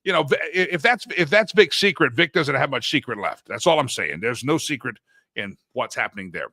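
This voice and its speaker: A middle-aged man hosts a casual talk show and riffs on memes with a jokey, animated delivery. His voice sits a little high for a man and sounds bright and forward. The recording is close and dry. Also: brisk, no room sound. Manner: jokey, sings a silly jingle between segments; animated, swings from loud to hushed asides.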